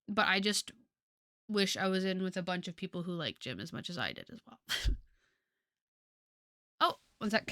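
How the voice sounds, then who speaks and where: A woman's voice: mid-range voice, clear, resonant tone, no echo, studio quality. A woman in her twenties chatting casually with viewers as a streamer, chatty with lots of fillers. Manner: chatty, lively, filler-heavy.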